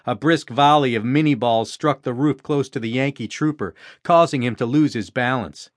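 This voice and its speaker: A man narrating an audiobook in a steady, even reading style. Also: medium pitch, normal speed, dry recording, studio quality. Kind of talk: scripted narration.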